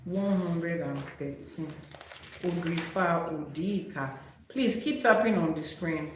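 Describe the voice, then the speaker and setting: A woman with a Yoruba accent teaching Ifá on a live stream. She recites verses and then explains them slowly. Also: on the low side, slight background noise. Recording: very echoey room.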